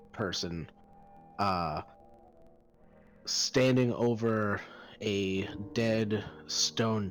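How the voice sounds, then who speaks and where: A man running a tabletop game who speaks at an unhurried, drawn-out pace in a lowish voice. He hesitates often and fills the gaps with "uh" and "like" while he narrates, and faint music plays softly behind him. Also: poor audio. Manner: hesitant, full of pauses and fillers. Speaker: game master. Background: faint background music.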